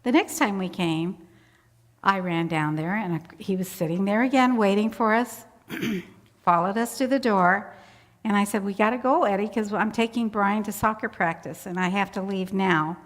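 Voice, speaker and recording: Speaking at a moderate pace with a medium pitch, this older woman recounts something from her own life for an interviewer. A chatty church volunteer, she keeps laughing as she does voices, her words ringing with the sanctuary's long hall reverb.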